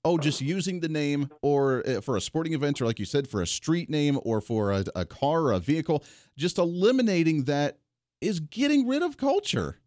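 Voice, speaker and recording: Male radio host, animated, sarcastic, lively pitch, dry studio sound. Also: moderate pace, no echo. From United States. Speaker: radio talk show host. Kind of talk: call-in talk radio.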